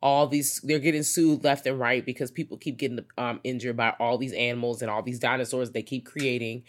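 A podcast co-host in a casual movie review chat, sassy and profane, dropping low and quiet for asides. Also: little pitch movement, fairly quick, a little hiss or hum.

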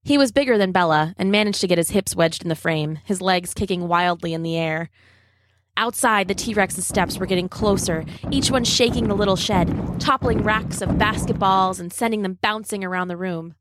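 A woman reading a children's adventure story aloud, steady and dramatic. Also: medium pitch, moderate pace.

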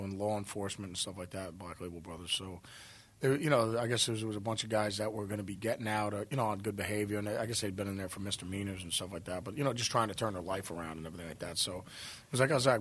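Husky and on the low side, with a fairly bright tone, the voice belongs to a guest musician from New Jersey. He's loose and profane in this casual interview, rambling through stories and laughing often.

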